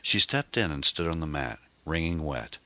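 A man reading a mystery novel aloud as scripted audiobook narration, expressive and steady, on a close microphone. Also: very deep voice, moderate pace, no room sound.

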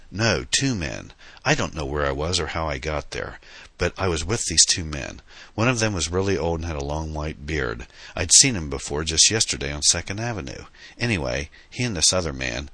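A man reading an audiobook, voicing a young woman who is excitable and awestruck and tells her story in a breathless rush. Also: a bass voice, no echo, full character voice. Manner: breathless, rushed telling.

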